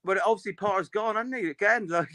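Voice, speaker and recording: A man's voice: sits high, fast, sharp tone, dry recording. A man, co-hosting a casual football chat, opinionated and rambling with many restarts. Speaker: podcast co-host.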